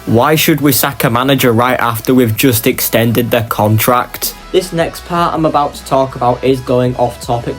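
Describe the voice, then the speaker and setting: A man delivering a passionate, opinionated football fan monologue for his vlog. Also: mid-range voice.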